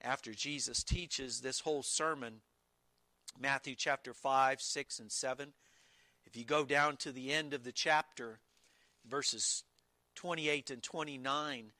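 A man preaching a sermon, explaining scripture in an emphatic, deliberate way with occasional restarts. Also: mid-range voice, fairly even intonation, bright, forceful tone, dry recording. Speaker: pastor.

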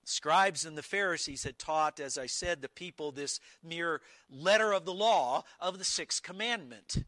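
Slow, bright-voiced emphatic male preacher. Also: fairly high pitch, dry recording. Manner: emphatic, slow and deliberate, with verbal restarts. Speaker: pastor. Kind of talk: sermon.

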